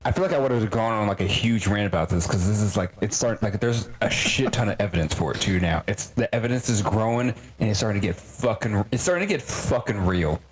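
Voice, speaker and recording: A man chatting on a podcast in a loose, swearing, rambling manner. His voice is low and a little husky. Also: lively intonation, fast talker, few pauses, poor audio. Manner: casual and profane, rambling. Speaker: podcast co-host. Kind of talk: casual chat.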